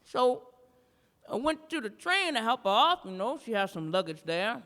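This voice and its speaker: A woman's voice: fairly high pitch, very animated, normal speed, fairly bright tone, big-room sound. A woman reenacting a stand-up routine, telling a profane story with drawling, rhythmic asides. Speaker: stand-up performer. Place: art museum performance space.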